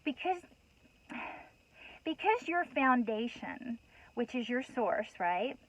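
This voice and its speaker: Earnest higher-voiced woman, lo-fi sound. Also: big pitch swings, takes it slowly. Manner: earnest, rambling, with many restarts and "you know". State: emotional, getting worked up. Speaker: host. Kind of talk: heartfelt spiritual talk to camera.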